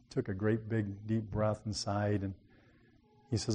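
A man delivering a sermon in a low, mellow voice, with a warm and unhurried tone. He tells his story in a plain, folksy way. Now and then he builds to an emphatic appeal to his listeners. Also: level tone, husky. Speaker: preacher.

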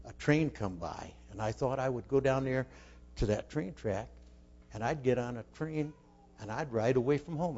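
An older man telling a folksy childhood story, asking his listeners questions and dropping to a hush for his inner thoughts. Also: medium pitch. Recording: dull lo-fi recording.

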